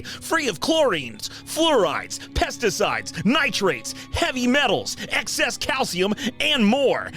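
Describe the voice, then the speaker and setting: A man voicing an overeager male infomercial announcer in a pompous sales pitch. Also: sharp tone, full character voice.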